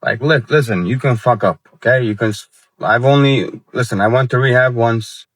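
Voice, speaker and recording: A man's voice: mid-range voice, normal speed, fairly bright tone, husky, no echo. A man in his late twenties ranting casually and heatedly to his viewers, with lots of swearing and slang. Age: 20s. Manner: heated, profane, slangy talk. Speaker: vlogger. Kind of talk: casual rant to camera.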